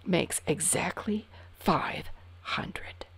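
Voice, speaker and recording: Worn out old knight counting hats as a woman reading puts him on, puffy and slow. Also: lowish voice, creaky, fairly bright tone, breathy edge, in a whisper, heavily acted. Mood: weary. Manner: breathless counting. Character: tired, puffing old male knight.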